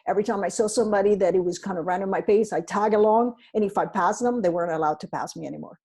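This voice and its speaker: A middle-aged woman talking as a podcast guest, rambling and animated as she tells her story and acts out what people said to her. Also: medium pitch, racing, husky. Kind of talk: casual storytelling interview.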